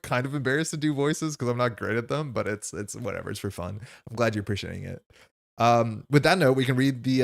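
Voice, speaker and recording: A man's voice: mid-range voice, creaky. A man playing a card game on stream, thinking aloud as he explains the rules and his choices in a casual way.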